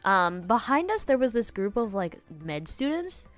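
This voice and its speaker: A young woman from the United States chatting casually on stream, rambling and giggling and acting out quotes in a higher voice. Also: sing-song, normal speed, faint music behind. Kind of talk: casual chat.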